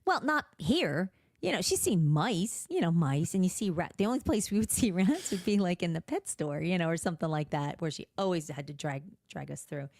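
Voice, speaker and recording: A middle-aged woman co-hosting a casual podcast, animated and expressive as she tells stories. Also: on the low side, brisk, hardly any pauses, dry recording, studio quality. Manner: animated, expressive, laughs often. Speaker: podcast co-host. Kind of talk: casual chat.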